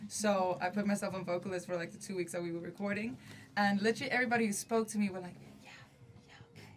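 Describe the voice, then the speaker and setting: A chatty South African woman tells stories on a podcast, talking quickly and laughing often. Her voice sits at an ordinary pitch. Clear hiss and noise run under the recording. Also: fairly even intonation. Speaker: band singer. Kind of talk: casual podcast chat.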